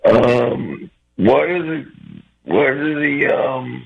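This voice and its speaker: A man calling in to a radio show, rambling and halting as he loses his words, heard over a muffled phone line. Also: mid-range voice, gravelly, breathy edge. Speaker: caller. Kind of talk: call-in chat.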